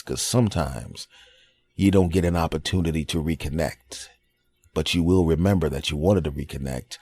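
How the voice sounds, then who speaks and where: A man's voice: sits low, mellow. A man in his forties hosting a podcast, telling a casual monologue and acting out little quoted reactions. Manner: conversational storytelling with acted-out quotes. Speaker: podcast host.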